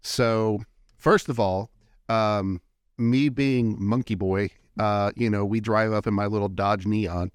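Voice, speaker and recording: A man's voice: lowish voice, fairly even intonation, slow, smooth, no room sound, clean studio sound. A man co-hosting a podcast, telling a rambling story in casual chat and laughing often at himself. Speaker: podcast co-host.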